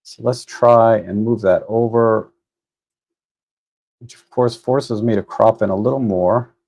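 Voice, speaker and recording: A man with a lowish, darkish voice and fairly even intonation talks a little slowly on a photo editing livestream, captured by a desk microphone in a muffled recording without echo. He chats casually at his computer, thinking aloud with fillers and restarts.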